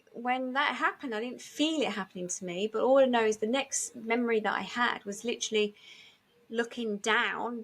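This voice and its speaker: A woman's voice: medium pitch, fairly bright tone. A woman, a guest on an interview podcast, telling a personal story vividly, acting out remembered dialogue with many fillers and restarts.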